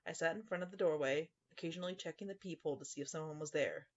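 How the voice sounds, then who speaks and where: A man's voice: fairly high pitch, very fast, dull audio. A man narrating a scripted first-person horror story in a dry, sarcastic tone.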